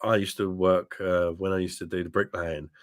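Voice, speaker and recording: Deep-voiced man, blunt and chatty. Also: flat delivery, moderate pace. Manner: blunt, laughing, swears freely, addresses viewers as mate. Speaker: beer reviewer and live-stream host. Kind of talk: casual live-stream chat with viewers. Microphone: webcam mic.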